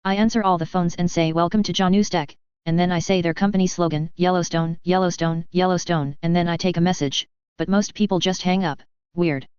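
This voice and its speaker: Lady doing a super excited naive alien guy, smooth voice, kinda dull audio. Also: fairly low pitch, a little fast, few pauses, dry recording, lightly acted. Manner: excited, bubbly. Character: eager naive young male alien office worker.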